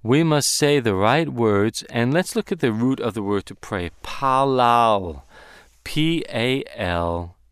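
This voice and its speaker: A man teaching a Bible lesson on Hebrew words, speaking deliberately and slowing down to stress key words. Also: mid-range voice, lively intonation, smooth, no room sound, clean studio sound.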